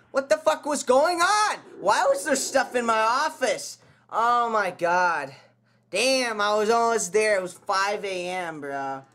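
A man's voice: high-pitched, sharp tone. A man commentating a horror game, swearing and yelping at scares. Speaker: gameplay commentator.

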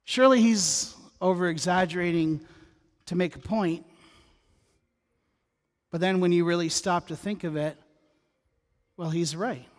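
A middle-aged male pastor delivers a sermon in a high voice, breaking into joking asides and a personal story. His words ring out with a long reverb from the church sanctuary. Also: measured pace, long pauses. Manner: conversational, humorous asides, storytelling.

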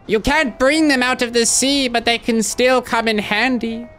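A man voicing a nerdy, smug young male weapons maker in a high, nasal put-on voice, pompous and full of smug asides. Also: fairly even intonation, moderate pace, pushed and bright, faint music behind.

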